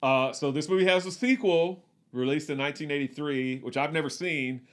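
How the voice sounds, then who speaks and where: A man's voice: fairly high pitch, brisk, a bit bright. A man co-hosting a movie podcast, talking casually and enthusiastically, rattling off trivia with lots of "uh" fillers. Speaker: podcast co-host.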